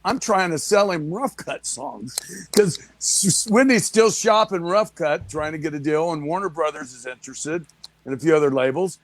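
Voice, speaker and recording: A man's voice: fairly high pitch, moderate pace, no echo. Dry-voiced man telling stories. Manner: animated anecdote-teller, lively asides. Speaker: guest musician. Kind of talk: casual chat, storytelling.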